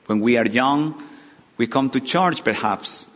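Dramatic preacher in a reverberant hall. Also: male voice, mid-range voice, unhurried, a bit bright. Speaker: pastor. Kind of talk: sermon. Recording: long reverb of a large hall.

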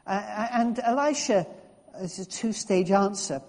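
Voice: medium pitch, expressive, measured pace, darkish tone, long reverb tail. A preacher giving a conversational sermon, often restarting and repeating words.

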